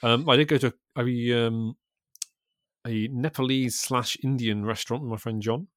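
Podcast co-host, rambling, dry delivery, mid voice, close dry mic. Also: male voice, mid-range voice, fairly even intonation, moderate pace, fairly bright tone, dry recording. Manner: rambling, hesitant, dry understatement. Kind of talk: casual chat.

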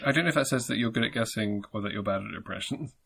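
A man's voice: on the low side, rapid-fire, creaky, fairly bright tone, slight background noise. A man co-hosting a casual chat, dry and sardonic, teasing his friend. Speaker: podcast co-host.

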